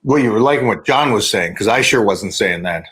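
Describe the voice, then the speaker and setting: A man's voice: lowish voice, animated, brisk, a bit bright. A man hosting a casual video call chat, speaking frankly and sounding frustrated. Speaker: host.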